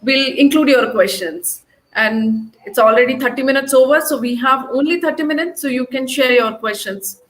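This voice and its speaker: A woman's voice: high voice, moderate pace, fairly bright tone, rough recording. A woman hosting a live online Q&A, addressing viewers directly and telling them how to post questions. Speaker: host.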